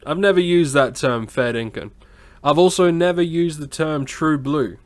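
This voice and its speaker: A man's voice: a little high, moderate pace. An Australian man with a cold, rambling and swearing constantly as he chats casually over his gameplay. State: has a cold. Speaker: gameplay commentator.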